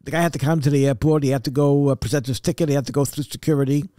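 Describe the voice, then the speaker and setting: A man co-hosting a casual podcast chat, speaking thoughtfully and haltingly, pausing often to search for words. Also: medium pitch, steady tone, dark tone, dry recording, studio quality. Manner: thoughtful, halting, many uh fillers.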